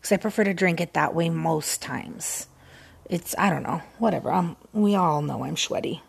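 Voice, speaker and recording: A woman's voice: on the low side, moderate pace, vocal fry, slightly rough. A woman podcast host rambling casually and self-mockingly from a recliner at home. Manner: scattered, self-mocking, giggly.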